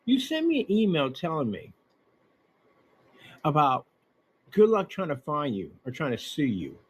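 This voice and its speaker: A man with a husky, slightly high voice rants with biting sarcasm. He talks straight at his target and repeats words with scorn. His pitch swings wide as he mocks. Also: huge pitch swings, a little slow, low-quality recording. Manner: mocking, sarcastic, with scornful repetition; talks straight at the person he is ranting about. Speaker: online seller ranting about a customer. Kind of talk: ranting commentary over emails and receipts.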